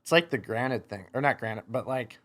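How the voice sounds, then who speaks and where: Animated young man telling stories. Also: mid-range voice, normal speed. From United States. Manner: animated, laughs while telling stories, acts out quotes. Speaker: podcast guest, motocross racer. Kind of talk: casual storytelling.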